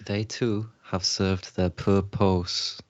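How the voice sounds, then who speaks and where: A gloating villain drawls each word slowly and low, with almost no rise or fall in his voice, as a man reads him in a live script read. He savours his own cruelty. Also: dull audio, background noise. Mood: smug. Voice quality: slow, deep and flat. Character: smug scheming male villain, Doctor L.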